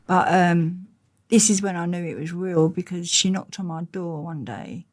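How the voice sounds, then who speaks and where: An interview guest, a woman with a lowish voice and moderate pace, shares her stories bluntly. She's animated and slangy as she talks.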